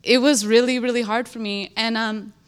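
A woman giving a personal faith testimony, earnest and halting, with lots of "like" and restarts. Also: a little high, fairly even intonation, smooth.

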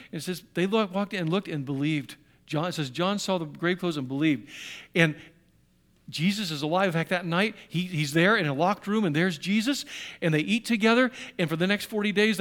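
A man preaching a sermon, swinging from hushed tones to loud emphasis and repeating phrases to drive them home. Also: high voice.

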